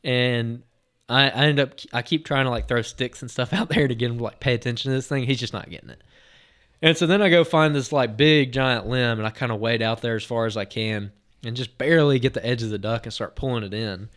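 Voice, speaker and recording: A man with an ordinary, mid-range voice tells a story on a podcast. He rambles, doubles back on himself and fills his sentences with "like" and "uh". His delivery stays relaxed and conversational as he relives the moment. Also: medium pitch, fairly quick. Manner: rambling, filler-heavy retelling with many restarts; lively, excited anecdote telling. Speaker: podcast host.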